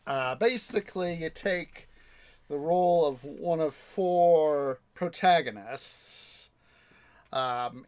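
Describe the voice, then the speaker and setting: Slow, rambling young man gaming. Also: fairly high pitch. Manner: rambling, hesitant, many fillers. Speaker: gaming channel host. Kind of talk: casual gameplay commentary.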